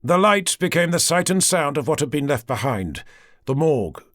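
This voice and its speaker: A male audiobook narrator reads in a measured, dramatic style, his pitch rising and falling with lively range. His middle-pitched voice is recorded close in a dry studio. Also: dry recording.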